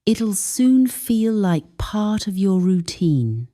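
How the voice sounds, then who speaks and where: A woman reading a scripted lesson narration as an English teacher, explaining phrases deliberately. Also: mid-range voice, very animated, mellow.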